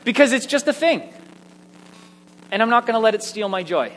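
A man preaching a sermon, telling personal stories in an animated, self-mocking way. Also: sits high, moderate pace. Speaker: pastor. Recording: echoey hall with faint hum.

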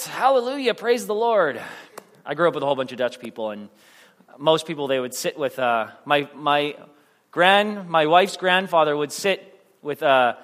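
A man's voice: on the high side, fairly bright tone, big-room sound. A male preacher giving a sermon in a casual, rambling way, with restarts and self-deprecating jokes.

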